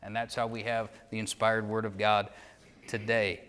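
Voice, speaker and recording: A man preaching a sermon, emphatic, repeating phrases and swinging between loud declarations and hushed asides. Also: on the low side, monotone, normal speed, in a large hall.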